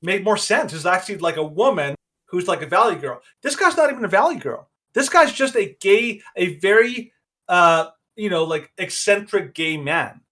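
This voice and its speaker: A man's voice: high voice, lively intonation, moderate pace, bright, forceful tone. A man hosting a podcast, giving rambling, opinionated commentary with frequent restarts. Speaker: podcast host.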